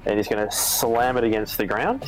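A man's voice: lowish voice, expressive, moderate pace, rough recording. A man playing a tabletop game, talking hesitantly with many fillers. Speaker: player.

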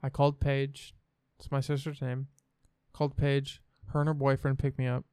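Frank young man with a clear, dry voice. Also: medium pitch, completely flat delivery, normal speed, darkish tone, dry recording. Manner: frank, swears freely, rambling. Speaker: podcast guest. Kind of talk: candid personal storytelling.

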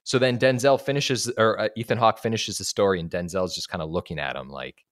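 On a podcast, a male co-host with a lowish voice speaks a little fast as he casually retells a film scene. He's an animated storyteller, acting out the characters' lines in loose, profane language.

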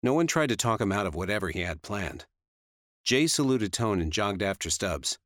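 Low-voiced male audiobook narrator. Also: sing-song, normal speed, a bit bright, no room sound, clean studio sound. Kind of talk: first-person audiobook narration.

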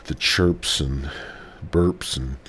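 Very deep and a bit bright, a man's voice moves very slowly with fairly even intonation over slight background noise. He hosts a podcast alone, a bit sick with a cold, rambling profanely and sighing through a laid-back, stoned rant.

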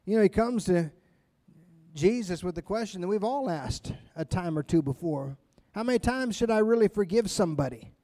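Man preaching, high voice, emphatic and conversational, dry close sound. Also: animated, moderate pace, mellow, dry recording. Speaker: pastor. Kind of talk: sermon.

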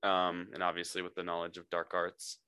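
A man's voice: deep voice, monotone, fairly quick, bright, forceful tone, clear, resonant tone, dry recording. A man chatting casually as a guest, hesitant and thinking aloud about a story. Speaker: guest listener. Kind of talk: casual chat.

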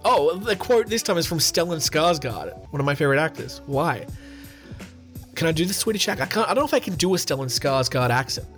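A man's voice: a little high, lively intonation, a little fast, a bit bright, faint music behind. Joking man hosting a podcast. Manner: joking, reads questions aloud and answers himself. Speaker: podcast host. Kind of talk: casual chat reading a quiz.

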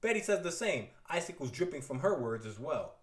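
A man retelling a classic comic book story with playful asides and quick put-on voices for the characters. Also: fairly high pitch, roomy sound. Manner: lively, playful, theatrical asides.

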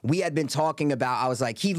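A man on a podcast telling a poker story in an animated, casual way, swearing freely. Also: medium pitch, fast, dry recording, studio quality.

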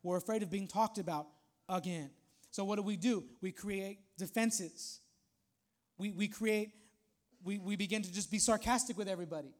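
High-voiced man preaching conversationally. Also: normal speed, a little mellow. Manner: conversational preaching with asides to the congregation. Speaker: pastor. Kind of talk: sermon.

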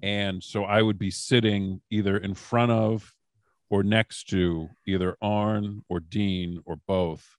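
Comedian guy spinning backstage stories, lowish voice, dry close sound, lots of ums. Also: takes it slowly, no room sound. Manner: animated anecdotes, frequent fillers. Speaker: comedian guest, former wrestling writer. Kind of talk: casual storytelling on a podcast.

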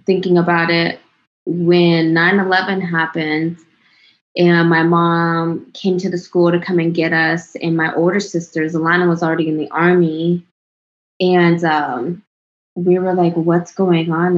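A woman in her thirties telling a personal story in a casual interview, chatty, laughing often and trailing off into restarts. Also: on the low side. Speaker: interview guest. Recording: dull lo-fi sound.

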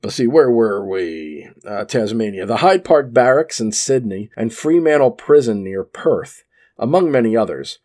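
A man with an expressive, somewhat dark mid-range voice casually reads an article at his desk microphone, speaking at normal speed. He keeps breaking off for rambling side comments, with many "uh"s and restarts.

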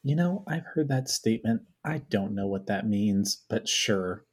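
A man's voice: fairly low pitch, expressive, a little slow, slightly rough. A man co-hosting a podcast, casual with dry wisecracks. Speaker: podcast co-host. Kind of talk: casual comedic chat.

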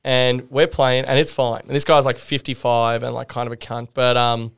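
Aussie guy yarning on a podcast, smooth clear voice, lots of laughing. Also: mid-range voice, moderate pace. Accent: Australian. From Australia. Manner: animated, laughing, acts out other people. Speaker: podcast guest. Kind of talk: casual storytelling.

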